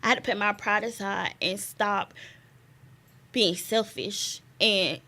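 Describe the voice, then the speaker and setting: A young woman, a guest telling a personal story in an animated way, laughing often and repeating words. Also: mid-range voice, slow pace. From North Carolina, US. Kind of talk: casual conversation, personal story.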